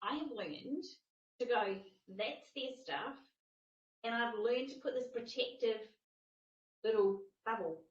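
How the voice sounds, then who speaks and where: A woman's voice: fairly high pitch, animated, slow pace, long pauses, echoey room, recorded from a distance, dull audio. A woman coach teaching a masterclass, talking emphatically and repeating phrases for stress.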